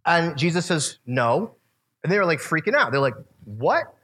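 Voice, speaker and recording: Male youth pastor, bright and slightly high voice, casual animated preaching. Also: moderate pace. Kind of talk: sermon.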